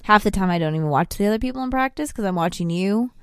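Lively, playful woman co-host. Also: medium pitch, fast, clear, resonant tone, no room sound, studio quality. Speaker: podcast co-host. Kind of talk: casual couple chat.

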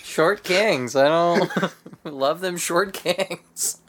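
Slow-talking, laid-back woman. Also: lowish voice, noisy background. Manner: laid-back, laughs easily, swears. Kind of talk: casual chat.

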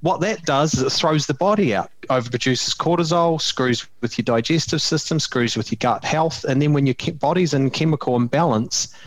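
A man's voice: fairly high pitch, moderate pace, hardly any pauses, dry recording, low-quality recording. Earnest male podcast host explaining. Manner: earnest, explanatory, ends points with "right?". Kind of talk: conversational explaining.

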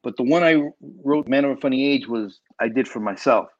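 A man's voice: mid-range voice, a little fast. Guy filmmaker rambling thru a story, lots of restarts, kinda dull lo-fi sound. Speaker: filmmaker guest. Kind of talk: casual interview talk.

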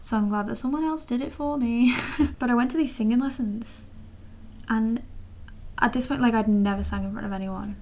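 Young woman, 19, fairly high voice, casual rambling vlog, self-deprecating. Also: normal speed, darkish tone. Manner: chatty, self-deprecating, many fillers and asides. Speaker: vlogger.

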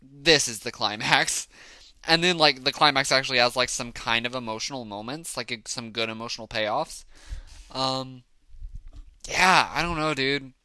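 A man's voice: medium pitch, normal speed, sharp tone, clean tone, no room sound. A man hosting his own podcast, reviewing films in a casual, enthusiastic, rambling way with lots of fillers. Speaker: podcast host. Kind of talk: casual solo film review.

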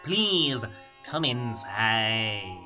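A performer playing a grand, eccentric aging actress hosting hippie cabins, with a slow theatrical drawl and a wandering accent. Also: mid-range voice, big pitch swings, bright, forceful tone, faint music behind, full character voice. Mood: grandly.

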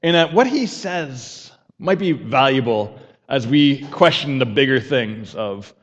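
A man's voice: medium pitch, expressive, unhurried, in a large hall, dull audio. A man preaching a conversational sermon as pastor, repeating a key phrase and having the congregation say it back.

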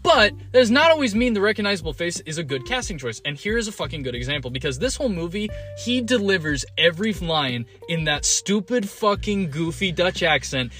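Brief: young male film podcaster, bright slightly high voice, blunt, cussing, faint music under. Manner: blunt, swears freely, rants. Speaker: podcast co-host reviewing films. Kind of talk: casual movie review chat.

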